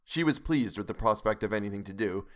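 Grave, lower-voiced male narrator. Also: lively intonation, quick pace. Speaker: podcast reader. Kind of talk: audiobook narration.

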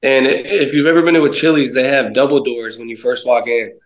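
A man's voice: mid-range voice, brisk, echoey room, rough recording. A man in his thirties, a guest on a podcast, telling a story in a casual, laughing way and acting out what people said. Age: 30s. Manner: laughing, animated anecdote with acted-out quotes. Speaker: guest, baseball pitcher.

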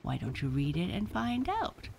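A woman's voice: fairly low pitch, wildly swooping pitch, normal speed, vocal fry, darkish tone, a little hiss or hum, pitched above the performer's own voice, full character voice. Chirpy little bunny boy who loves books, woman reading it, swoopy voice. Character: bookish cheerful boy bunny.

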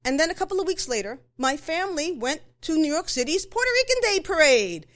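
A middle-aged woman tells a story from her own life. Her voice sits a little high. She talks conversationally, with fillers and quick self-corrections. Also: sing-song, fairly bright tone. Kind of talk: live personal storytelling.

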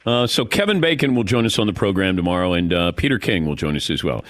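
A man's voice: low-pitched, animated, quick pace, fairly bright tone. A middle-aged man hosting a sports radio show, talking in a wry, self-deprecating way and reading ads live. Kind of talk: casual radio banter and live ad reads. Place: radio studio. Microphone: studio microphone.

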